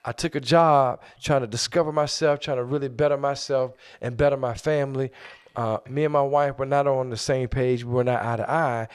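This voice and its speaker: Man, middle-aged, casual podcast talk, loud, profane, talks over others. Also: medium pitch, fairly even intonation, fairly quick, clear, resonant tone. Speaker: podcast co-host.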